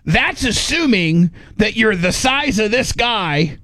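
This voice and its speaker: A middle-aged radio host tells a story in casual chat, speaking slowly in a high voice. He is animated and rambling, full of restarts and fillers, and acts out his own inner voice. The recording is dry.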